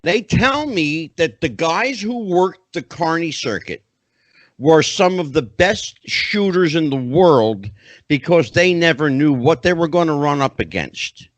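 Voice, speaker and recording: Lively middle-aged man hosting, dry close sound. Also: on the high side, measured pace, dry recording. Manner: animated, chatty, leads into questions at length. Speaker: podcast host. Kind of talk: conversational interview hosting.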